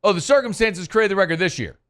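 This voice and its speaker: A man's voice: high voice, lively intonation, fast, a bit bright. A man hosting sports talk, mocking and incredulous, firing off rhetorical questions. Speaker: sports radio host. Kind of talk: sarcastic sports talk commentary.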